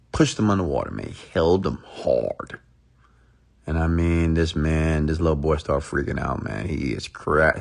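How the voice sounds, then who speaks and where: Gravelly low-voiced motivational man. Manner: rambling, emphatic, repetitive. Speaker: motivational speaker. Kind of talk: motivational storytelling rant.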